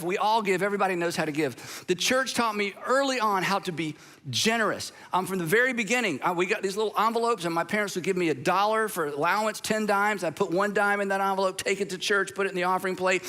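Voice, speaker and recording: A man's voice: sits high, bright, forceful tone. A man from Georgia in the United States preaching a sermon as pastor, telling stories in a conversational way with humorous asides. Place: church auditorium.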